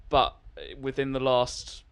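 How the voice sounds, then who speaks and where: A man's voice: mid-range voice, expressive, measured pace, vocal fry, a bit bright, smooth. A young man arguing politics earnestly in a podcast debate, stumbling over restarts as he makes his case. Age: young adult.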